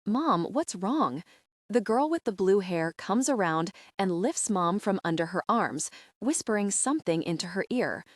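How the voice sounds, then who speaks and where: A woman narrating a young adult audiobook in the first person, steady and even. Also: medium pitch, normal speed, hardly any pauses, dry recording, clean studio sound.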